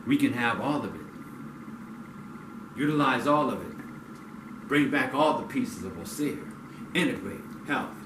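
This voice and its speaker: A man giving a blunt, profane community talk that swings into loud, angry outbursts. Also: medium pitch, animated, measured pace, long pauses. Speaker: community speaker. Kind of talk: impassioned street talk. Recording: echoey, distant mic with noise.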